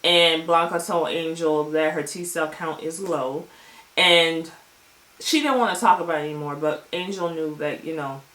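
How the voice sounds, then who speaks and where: A woman recapping a TV episode in a casual vlog, with animated, profane storytelling. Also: sits low, moderate pace, echoey room. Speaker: TV show reviewer.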